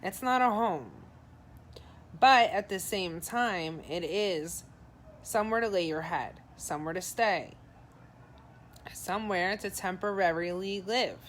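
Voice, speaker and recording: A woman psychic medium talking through a live reading at a middling pitch. She passes on spirit messages in the first person, casual and direct, with frank advice. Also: slight background noise. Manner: advising, frank tone.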